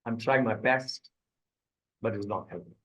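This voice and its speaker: A man's voice: fairly low pitch, unhurried, lightly acted, poor audio. A man reading as a worried office worker. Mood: troubled.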